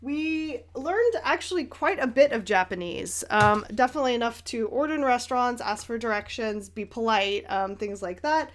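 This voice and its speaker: While painting, a young American woman chats in a relaxed, meandering way and answers her viewers' questions. Her slightly high voice moves at a normal speed with few pauses, and this casual paint-along talk is dotted with ums, restarts and small laughs.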